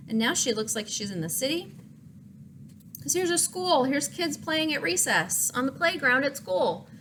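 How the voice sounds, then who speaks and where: A woman reading a picture book aloud to children, pausing to ask questions and explain words. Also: a little high, a little hiss or hum. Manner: expressive, asks listeners questions, explains words. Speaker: story reader for children.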